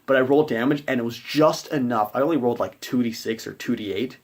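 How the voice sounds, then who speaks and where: A man's voice: medium pitch, quick pace. Chatty man recapping his game session. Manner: rambling and conversational, acting out players' reactions. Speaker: game master.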